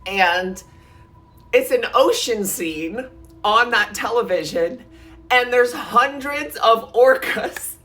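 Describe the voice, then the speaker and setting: A woman in a storytime vlog, retelling a nightmare in an animated, breathless way, with lots of "like" and sudden jumps in pitch, sometimes close to tears. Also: slow pace. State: near tears at times. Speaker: vlogger.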